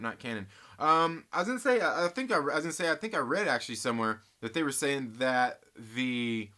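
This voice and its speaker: A man hosting a casual live movie chat stream, reading viewer comments aloud and thinking out loud with frequent restarts. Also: medium pitch.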